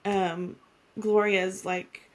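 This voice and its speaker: A woman's voice: mid-range voice, flat delivery, very slow. A woman co-hosting a podcast, chatting casually with short replies and mocking imitations. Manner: short agreeing replies, laughs, mimics voices. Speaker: podcast co-host. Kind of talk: casual chat.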